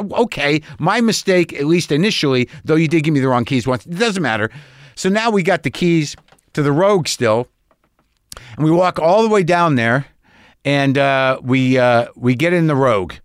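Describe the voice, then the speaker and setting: A man's voice: fairly high pitch, expressive, moderate pace, dry recording, clean studio sound. An older man hosting a podcast, telling a rambling story with wry exasperation and acting out both sides of the conversation. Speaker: podcast host. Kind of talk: storytelling monologue.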